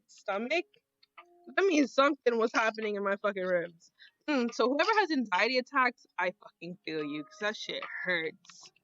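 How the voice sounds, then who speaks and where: A young woman rattles off a personal story in loose, casual chat, swearing freely and acting out the people she quotes. Her voice sits a bit high. The recording is dry and a little muffled. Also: fairly bright tone, dry recording.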